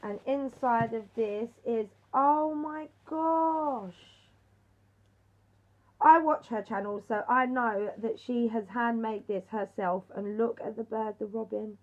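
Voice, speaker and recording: A woman, ill and a little hoarse, excitedly unboxing craft mail in a casual vlog and gushing with thanks. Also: on the high side, normal speed, hardly any pauses, muffled recording. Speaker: craft YouTuber.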